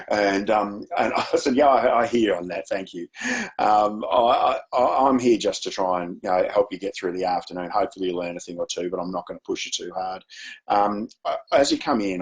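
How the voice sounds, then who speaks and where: A man's voice: low-pitched, poor audio. A man presenting a webinar, telling a classroom story in a chatty way with many fillers. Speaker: education presenter.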